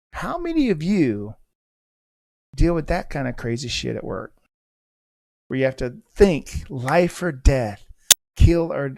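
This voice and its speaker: A man hosting a podcast, a former police officer telling a story in an intense, animated way and cursing casually. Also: medium pitch, gravelly, dry recording, studio quality.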